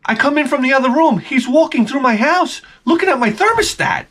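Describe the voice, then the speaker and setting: A man's voice: extremely high pitch, sing-song, fast, few pauses, fairly bright tone. A man telling a profane, exasperated story in casual vlog style. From Long Island, New York. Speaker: vlogger.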